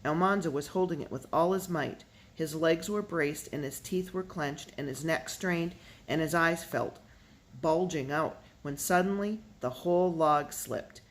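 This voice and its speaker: Steady audiobook reader. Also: medium pitch, a little slow. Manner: steady narration, lifting the voice for dialogue. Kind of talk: reading a children's novel aloud.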